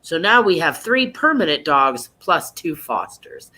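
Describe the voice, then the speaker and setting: A woman hosting a support group meeting online, chatting and teasing in a lively, casual way. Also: low-pitched, unhurried, poor audio.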